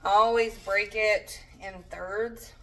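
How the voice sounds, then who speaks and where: Young woman, casual kitchen vlogger, chatty and bright-toned, faint background noise. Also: mid-range voice, fairly even intonation, slow, distant mic, rough recording. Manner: chatty, rambling, self-deprecating asides. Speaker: home cook vlogger. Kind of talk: casual cooking chat. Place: home kitchen.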